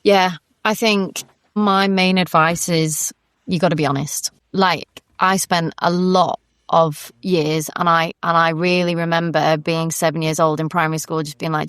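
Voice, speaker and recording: A woman's voice: fairly low pitch, fairly even intonation, moderate pace, no room sound, clean studio sound. A woman, a podcast guest talking earnestly and reflectively about faith, often restarting her sentences. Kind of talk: candid faith conversation.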